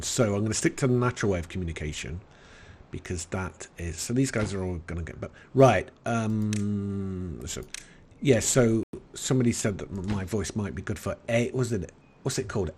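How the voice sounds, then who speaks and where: An Englishman with an English accent giving relaxed let's-play commentary in a soft, soothing, unhurried way. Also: on the low side, a little hiss or hum. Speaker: game commentator.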